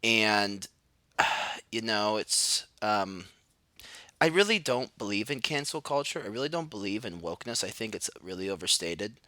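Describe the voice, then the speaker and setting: A man hosts a solo podcast monologue. He is sardonic and self-mocking, and his fairly low voice has a bright, forceful edge. The sound is close and dry. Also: expressive, normal speed, no echo. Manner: sardonic, self-mocking, shouts mock cries. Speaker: podcast host.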